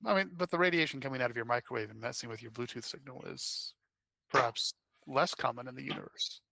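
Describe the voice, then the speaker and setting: A man's voice: medium pitch, fast, vocal fry, pushed and bright, no room sound. A man playing in a tabletop game, recapping the last session in a chatty, wry way. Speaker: player. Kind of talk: casual chat recapping a game.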